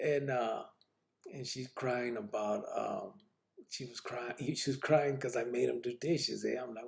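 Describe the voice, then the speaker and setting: A man with a medium-pitched, gravelly, darkish voice speaks at a measured pace. Hosting a podcast, he tells personal stories in a rambling, laid-back style loaded with street slang, profanity, and constant fillers like "you know what I mean."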